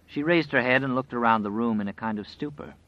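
A man narrating an audiobook in a dramatic, measured storytelling style. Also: medium pitch, dry recording. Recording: dry, slightly dull audio.

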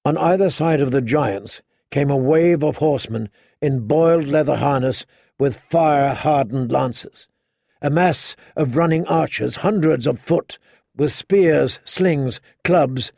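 A man narrating an audiobook in a measured, dramatic storytelling manner on a close studio mic. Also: medium pitch, vocal fry, darkish tone, no echo. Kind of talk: scripted narration.

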